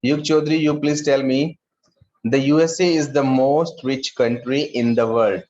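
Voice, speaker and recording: A male school teacher with an Indian English accent who talks slowly, repeats words and calls on students by name. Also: medium pitch, fairly even intonation, darkish tone, dull audio. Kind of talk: online class lesson.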